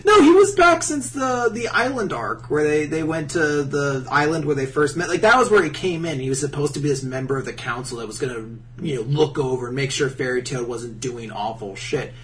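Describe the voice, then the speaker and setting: A man's voice: on the high side, a little fast, hardly any pauses, recorded from a distance. A man casually recapping an episode on a podcast, swearing a lot and mocking the characters' lines. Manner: profane, animated, mocking character voices. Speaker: podcast co-host. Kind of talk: casual chat recapping an anime.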